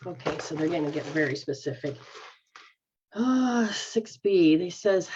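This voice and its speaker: Woman healer, lowish voice, casual instructive delivery, muffled lo-fi stream audio. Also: animated, unhurried, a little mellow, husky. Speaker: energy healer leading a live session. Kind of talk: guided healing session, casual.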